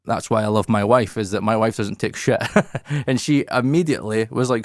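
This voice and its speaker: A man's voice: fairly low pitch, fairly even intonation, moderate pace, dry recording, clean studio sound. A man hosting a podcast, talking openly and reflectively and swearing casually. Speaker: podcast host. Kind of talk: candid podcast talk.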